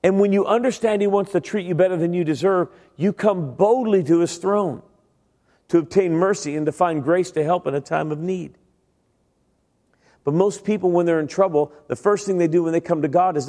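A middle-aged male preacher with a fairly high voice, delivering an animated, joking sermon full of acted-out stammers and impressions. His voice carries a long reverb from a large church hall. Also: normal speed. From Italian-American family. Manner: animated storytelling, stammering impressions, self-deprecating humor.

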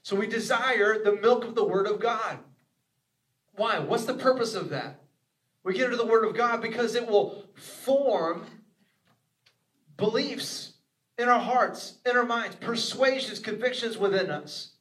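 A man's voice: high voice, unhurried, fairly bright tone. A man preaching a sermon as pastor, earnest and repetitive, acting out the inner voices of his listeners. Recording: echoey room, voice from a distance.

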